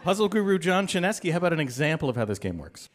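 A man's voice: on the high side, big pitch swings, very fast, some chatter behind. A man who co-hosts a live radio quiz as house musician, explaining games with wry teasing. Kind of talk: live quiz show co-hosting.

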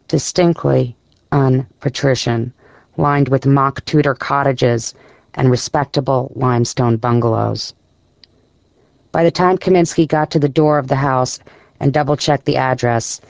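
Gravelly male audiobook narrator. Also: medium pitch, no echo.

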